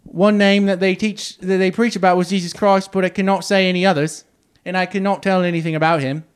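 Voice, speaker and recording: A man's voice: a little high, a little slow, voice pushed up, close to an everyday voice. A man voicing a young working-class boy from the 1850s, reading his simple, earnest words in a raised voice.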